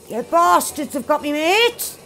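A woman giving loud, excitable, swearing commentary over her gameplay, laughing often. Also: sits high. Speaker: gaming streamer.

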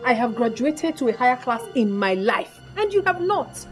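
A woman's voice: on the high side, sing-song, moderate pace, soft background music. A Nigerian actress playing a haughty young woman who coldly lectures and dismisses her boyfriend. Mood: scornful. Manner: cold, scornful, lecturing. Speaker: actor. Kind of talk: film acting.

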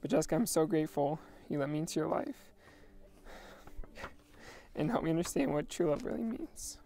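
A man's voice: a little high, lively intonation, a little fast, vocal fry, dark tone. A young man reading his wedding vows, tearful and laughing nervously between lines. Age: young adult. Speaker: groom.

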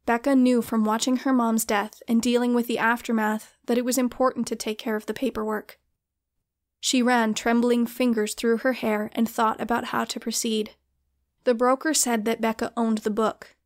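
A woman narrating an audiobook short story in a gentle, steady way. Her voice sits fairly high, with a calm, even delivery throughout. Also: normal speed.

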